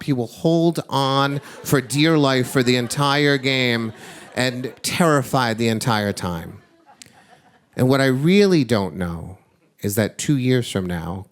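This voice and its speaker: A middle-aged man telling a true personal story on a live stage, wry and confessional, turning from jokey to hushed. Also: medium pitch. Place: live stage before an audience.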